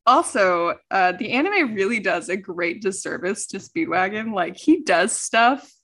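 A woman's voice: medium pitch, lively intonation, fairly bright tone. Chatty laughing woman podcast host. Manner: fast, chatty, laughing often. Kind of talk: casual chat.

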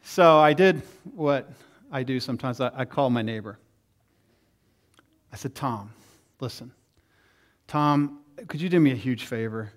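A man's voice: medium pitch, a little slow, pauses often. A middle-aged male pastor preaching a sermon, telling stories and acting out the voices of people he quotes. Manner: storytelling, animated, acts out quoted voices.

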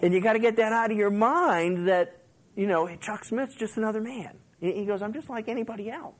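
Speaking a little fast in a high voice, this pastor delivers a sermon on a Bible book in a chatty way, often saying "you know." He acts out quotes and laughs as he tells animated stories, captured in a low-quality recording.

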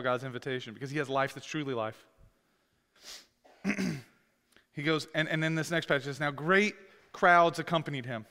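A man preaching a sermon as pastor, talking conversationally and rising to loud, emphatic scripture reading. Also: mid-range voice. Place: church sanctuary. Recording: long hall reverb.

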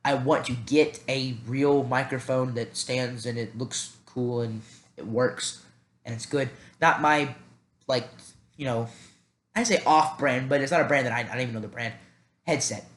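A young man from the American South with a Southern accent, hosting a solo sports podcast on a cheap headset and talking fast, animated and rambling, with many restarts. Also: mid-range voice, reverberant. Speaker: podcast host. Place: at home by a computer.

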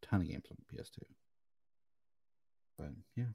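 A young man co-hosting a casual gaming chat, telling animated stories and swearing freely. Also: normal speed. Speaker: podcast co-host.

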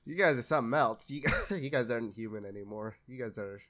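A man's voice: medium pitch, fast, fairly bright tone. A man co-hosting a podcast in casual chat, sarcastic, swearing freely and laughing often. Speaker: podcast co-host.

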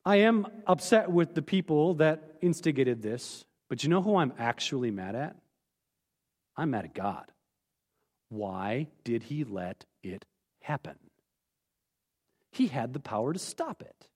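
A male pastor preaching a candid, emphatic sermon, dropping suddenly quiet for personal admissions, in a church. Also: mid-range voice, very animated, measured pace, pauses often, in a large hall. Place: church sanctuary.

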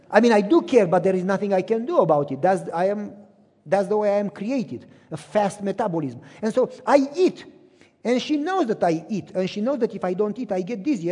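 A middle-aged male pastor preaching in a large hall, his voice carrying a long reverb. He speaks in a fairly high, slightly husky tone, telling stories with animation. He playacts both sides of remembered conversations. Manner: animated storytelling, acts out both sides of phone calls. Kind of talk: sermon with personal stories.

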